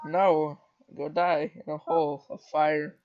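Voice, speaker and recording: A man's voice: on the high side, steady tone, a little slow, dull audio. A man teasing his friend while gaming, with sudden playful yelps. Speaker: gamer co-host. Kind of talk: casual gaming chat.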